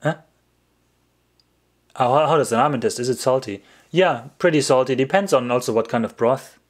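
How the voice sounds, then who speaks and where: A man speaks English as he hosts a casual livestream and answers questions from chat. He rambles, breaks off his own sentences and laughs often, at a middling pitch for a man. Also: normal speed.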